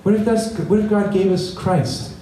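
Preaching in a chatty style, this man keeps tossing "right?" to his congregation. He has a high, mellow voice at normal speed, and the distant recording in an echoey room carries a little hiss or hum.

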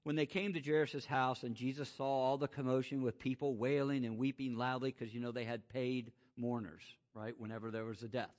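Animated preacher man, muffled lo-fi recording. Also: mid-range voice, a little fast, few pauses. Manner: dynamic, swings from loud rising exclamations to quiet hushed emphasis. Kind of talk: sermon. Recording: muffled lo-fi sound.

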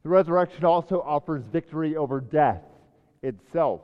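A man's voice: animated, moderate pace. Male preacher in a reverberant hall. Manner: swells loud and high on scripture, drops low and soft to reflect. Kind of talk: sermon. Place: church sanctuary. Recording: echoey hall, dull sound.

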